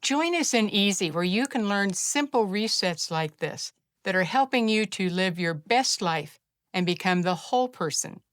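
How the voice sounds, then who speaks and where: A middle-aged woman teaching a simple calming technique, speaking gently and encouragingly and slowing to a soft hush during the breathing steps. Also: mid-range voice, no echo. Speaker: wellness practitioner teaching a self-care technique. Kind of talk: guided instruction to camera.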